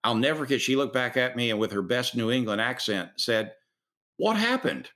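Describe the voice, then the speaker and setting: A man's voice: mid-range voice, fast talker, sharp tone. A man with a Southern accent, telling stories in a casual chat in an earnest, folksy way.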